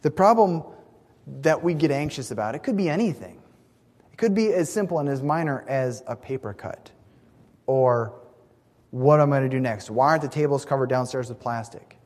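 Earnest preacher in a reverberant hall. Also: male voice, medium pitch, lively intonation, moderate pace, a little mellow. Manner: earnest, emphatic, with small restarts. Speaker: pastor. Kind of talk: sermon.

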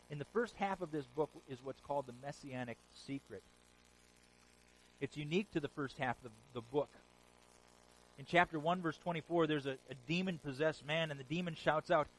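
A man's voice: mid-range voice, brisk, low-quality recording. A man preaching a sermon, telling stories with animation and repeating phrases for emphasis. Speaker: pastor.

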